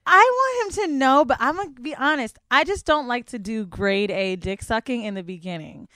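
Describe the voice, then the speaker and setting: A woman co-hosting a podcast in casual chat, blunt, crude and animated. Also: a little high, a little fast, no echo, studio quality. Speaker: podcast co-host.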